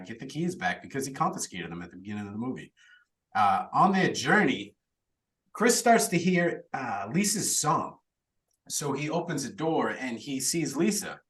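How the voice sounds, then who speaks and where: A man's voice: medium pitch, a bit bright, distant mic, low-quality recording. A man hosting a podcast, chatty and laughing now and then as he recaps a plot. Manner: chatty, laughs while telling the story. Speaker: podcast host recapping a film.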